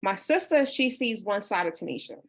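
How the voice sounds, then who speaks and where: A woman's voice: mid-range voice, very animated, moderate pace, fairly bright tone. A woman in her thirties, a life coach, talking casually and earnestly on a livestream, reading out viewer comments. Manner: earnest and personal, with many restarts and "you know". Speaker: life coach hosting a book discussion.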